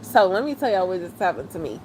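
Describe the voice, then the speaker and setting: A woman's voice: fairly low pitch, big pitch swings, a little mellow, a little hiss or hum. A woman, chatting casually and laughing often during a live stream. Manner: laughing, chatty, drawn-out exclamations.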